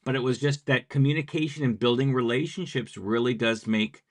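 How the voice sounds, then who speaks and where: An American man with a mid-range voice, chatting in an interview. He tells his stories in a lively, anecdotal way and slips into short acted-out bits of conversation. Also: medium pitch, fairly quick. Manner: lively anecdotal, acts out quoted dialogue. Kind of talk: conversational storytelling.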